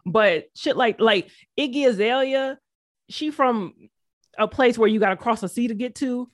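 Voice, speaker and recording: A woman's voice: a little high, moderate pace, no room sound, studio quality. A young woman with a slight Southern drawl, co-hosting a podcast in a blunt, sassy, slangy way. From American South. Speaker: podcast co-host. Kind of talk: casual chat.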